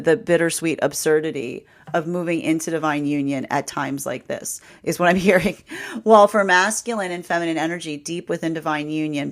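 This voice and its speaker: Woman, tarot reader, low voice, rambling, repetitive, talks in fillers. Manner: rambling, repeats herself, frequent "right?" and "like"; laughs often, quoting the energy's voice. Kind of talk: live tarot reading.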